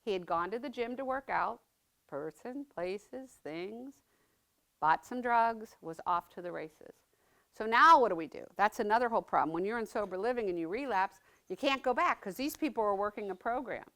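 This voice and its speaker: A woman's voice: mid-range voice, animated, moderate pace, a bit bright. A middle-aged woman giving a personal testimony talk, conversational and earnest, often checking in with the audience by asking "right?". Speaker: speaker sharing her story as a mother.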